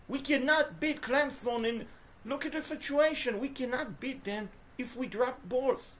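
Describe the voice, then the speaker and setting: A woman commentating her own video game play, swinging between frustrated groans and shouted cheers, talking to the players and to her viewers. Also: sits high, a little slow, a little hiss or hum. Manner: talks to the players and to viewers as folks. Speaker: gaming video host. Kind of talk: live gameplay commentary.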